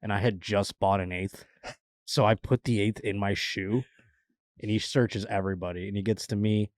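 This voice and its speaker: A man, a comedian guest on a podcast, telling rambling, animated anecdotes in casual chat and laughing at himself. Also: on the low side, normal speed, dry recording, studio quality.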